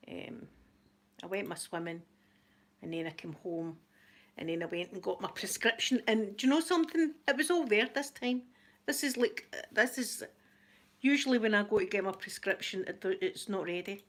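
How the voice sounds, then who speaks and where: Chatty Scottish woman host, middle-aged, easygoing live-stream banter, mid-pitched. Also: normal speed. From Scotland. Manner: chatty, greets viewers by name, laughs often. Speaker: YouTube channel host. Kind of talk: casual live-stream chat.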